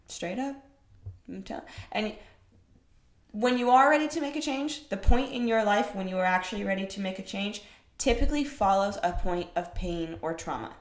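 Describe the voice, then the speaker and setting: A young woman, a personal trainer, holds forth on her podcast in a blunt, profane monologue. She peppers listeners with rhetorical questions and punches her points louder. Her voice sits in a middle range and rings in a roomy, echoing space. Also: medium pitch, moderate pace. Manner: rhetorical questions, animated swings in loudness. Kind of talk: casual monologue. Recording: roomy echo.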